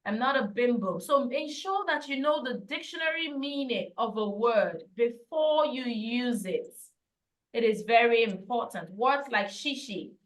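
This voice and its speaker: Woman, speaking coach, fairly high, bright tone, firm drilling delivery. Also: poor audio. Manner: emphatic, repeats key phrases for drill. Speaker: speech and pronunciation teacher. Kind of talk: instructional lesson.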